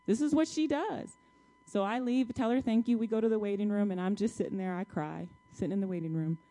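A married woman of child-bearing age shares her testimony with a congregation, speaking directly to them in a colloquial, emphatic storytelling style. Her medium-pitched voice is steady and dark-toned, and she talks fast.

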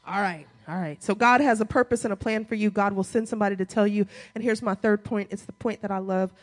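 A woman's voice: medium pitch, quick pace. A woman pastor preaching a conversational sermon, acting out quotes as she goes.

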